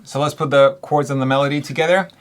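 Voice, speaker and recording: A man teaching songwriting in a relaxed way, counting beats aloud and singing short examples. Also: on the high side, fast, loud music behind the voice. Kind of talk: music lesson.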